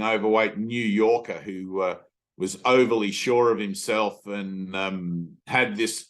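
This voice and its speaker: A spiritual teacher gives a casual talk, telling loose stories full of fillers and acting out the voices of those he quotes. His voice is lowish and a little bright.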